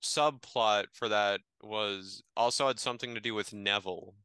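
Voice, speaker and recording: Smooth, bright-voiced podcast co-host. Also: male voice, on the low side, fairly even intonation, moderate pace, no room sound. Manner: enthusiastic reactions. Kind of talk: casual chat.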